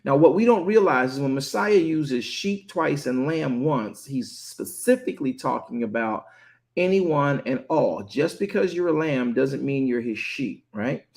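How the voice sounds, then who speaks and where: A man's voice: mid-range voice, darkish tone. A man preaching a conversational sermon, often repeating words and checking in with "right?".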